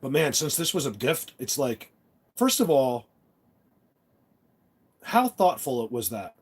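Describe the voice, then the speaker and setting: A man's voice: mid-range voice, big pitch swings, measured pace, darkish tone, breathy edge. A man hosting a casual live stream on his phone, rambling and joking about talking tough. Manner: rambling, talks tough in jest.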